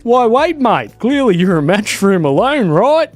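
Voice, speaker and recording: A man's voice: sits high, sing-song, moderate pace, faint music behind, voice pushed up. Man putting on a squawky rowdy boozer. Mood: egging on. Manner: rowdy, slurring slang, swaggering. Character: loud boozy male drifter itching for a drink.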